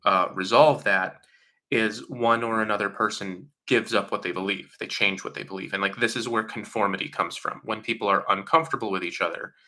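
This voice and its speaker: A man's voice: on the low side, bright, forceful tone. A man hosting a live question-and-answer stream, talking casually and with strong opinions, often mocking other people in quotes. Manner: opinionated, mocking voices in quotes, frequent fillers. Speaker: livestream host answering chat questions.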